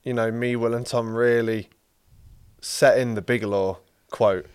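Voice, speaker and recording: A man's voice: mid-range voice, steady tone, unhurried, clean tone, no room sound. A man hosts a casual podcast, full of teasing banter. His voice is recorded close and dry, with no room sound. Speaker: podcast host. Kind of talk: casual chat.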